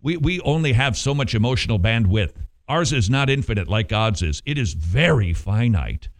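A man preaching a sermon, animated, with rhetorical questions and playful asides. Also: mid-range voice, normal speed. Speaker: pastor.

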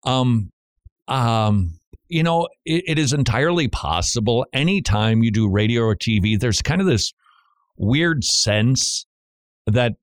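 A man's voice: mid-range voice, expressive, unhurried. A man hosting a radio talk show in a casual, joking way, laughing often and stammering on repeated words.

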